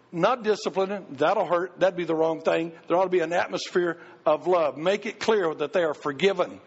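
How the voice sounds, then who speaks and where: A middle-aged male pastor with a fairly high, husky voice preaches in a folksy, earnest storytelling way. The recording is dull and lo-fi. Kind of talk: sermon.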